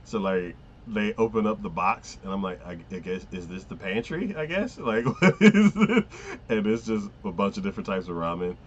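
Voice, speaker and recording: Rambling man with a low voice. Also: expressive, normal speed, dull audio, slight background noise. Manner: rambling, filler-heavy, laughs often, acts out quotes. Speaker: anime podcast host. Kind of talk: casual chat recapping an anime.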